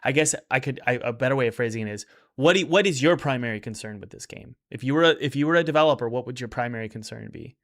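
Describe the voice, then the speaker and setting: A man's voice: medium pitch, fast talker, few pauses, a bit bright. A man in casual livestream commentary, reviewing indie games in an upbeat, rambling way with many restarts.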